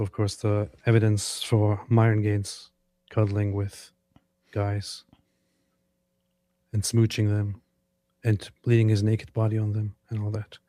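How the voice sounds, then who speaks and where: A man's voice: lowish voice, dark tone, dry recording. A man co-hosting a casual reaction show, talking in an emphatic, sarcastic way. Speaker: co-host.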